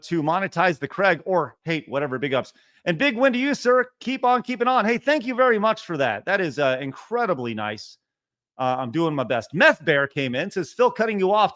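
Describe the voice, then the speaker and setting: Guy reading super chats on stream, kinda high voice, playful fake protest, thanks everyone. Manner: mock-protesting, animated, reads donor messages aloud. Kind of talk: casual livestream chat.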